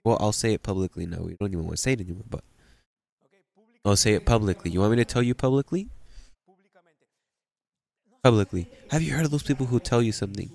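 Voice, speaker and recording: A man preaching a sermon, plain-spoken and animated, often repeating and restarting his phrases. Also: lowish voice, fast, creaky, long pauses.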